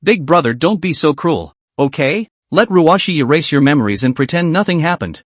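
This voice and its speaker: A man's voice: on the high side, animated, moderate pace, no room sound. A man reading the lines of a desperate young woman who begs and refers to herself by name. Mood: pleading. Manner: wheedling, repeats own name.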